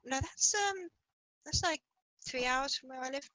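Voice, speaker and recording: A young man from England talks casually on a podcast in a high, chatty voice. His tone is bright and crisp, and the sound is dry with little room echo. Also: a little slow. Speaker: podcast guest. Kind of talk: casual chat.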